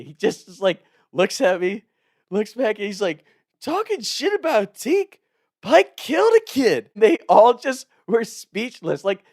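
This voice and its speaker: A young man spins a wild story in a loose, casual way, his voice sitting a little on the high side. He laughs often and breaks into loud shouts whenever he acts out what someone said. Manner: animated, laughing, shouts quoted lines.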